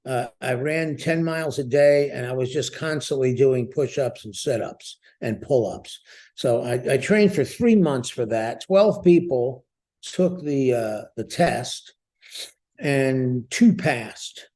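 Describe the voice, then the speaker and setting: A man in his seventies from the United States, a veteran guest telling stories in an interview with a lively, chuckling manner. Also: medium pitch, slow pace. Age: 70s. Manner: lively, chuckling storyteller who repeats words as he goes. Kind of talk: storytelling interview.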